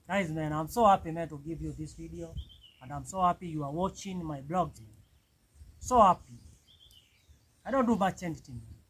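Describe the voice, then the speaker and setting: A man's voice: fairly high pitch, expressive, normal speed, long pauses, husky, poor audio. A Kenyan man talking casually as he cooks on a wood fire outdoors in a village, often calling his viewers "man". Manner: chatty, repeats "man" often. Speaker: vlogger. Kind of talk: casual cooking vlog.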